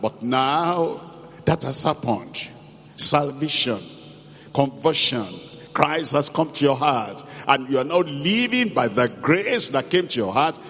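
A man preaching a sermon, slow and emphatic, repeating key phrases and reading scripture aloud. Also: medium pitch, expressive, fairly bright tone, breathy edge. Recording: long hall reverb.

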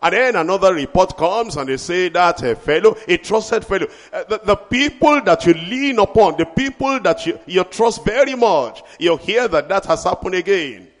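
A man preaching a sermon as pastor, swinging from shouted declarations to hushed asides. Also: sits high, long reverb tail.

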